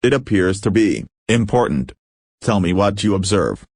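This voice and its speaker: A man's voice: on the low side, big pitch swings, normal speed, darkish tone, dry recording, studio quality. A man reading as a pompous alien brain leader. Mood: commanding. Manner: commanding, self-important. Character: pompous giant-brained male alien leader, easily alarmed.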